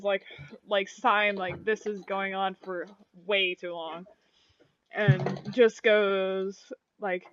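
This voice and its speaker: A game master narrates a tabletop game over voice chat, pausing often with fillers and restarting sentences. The voice is smooth on a dry mic, and the sound is a little muffled. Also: mid-range voice, dry recording. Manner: hesitant, many fillers and restarts. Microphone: online voice chat.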